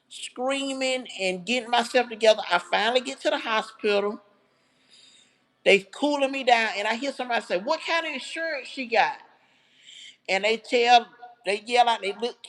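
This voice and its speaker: Lady on her livestream, slightly high voice, chatty and heartfelt, talking right to the chat. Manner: heartfelt, chatty, addresses viewers directly. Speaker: livestream host. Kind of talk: casual livestream storytelling to chat.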